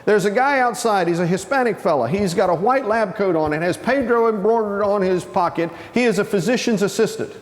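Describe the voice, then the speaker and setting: A man's voice: high-pitched, brisk, hardly any pauses, in a large hall. A man giving a storytelling keynote speech, acting out the voices of people in his story. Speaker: keynote speaker.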